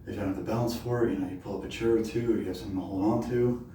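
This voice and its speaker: A man's voice: fairly low pitch, steady tone, racing, dark tone, slight background noise. A man talking casually to camera during a home workout, out of breath, with lots of fillers as he thinks aloud. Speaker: vlogger doing a home workout. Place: room at home. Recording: very echoey room, mic far off.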